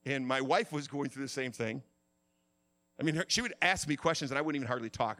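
A middle-aged male pastor preaching a sermon, swinging from quiet confession to impassioned shouting. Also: mid-range voice, quick pace.

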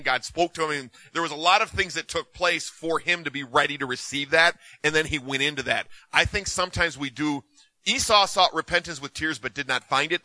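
A minister in his fifties with a highish voice gives a sermon, telling personal stories animatedly with lots of repetition and restarts before taking questions. The audio is poor, with no room sound.

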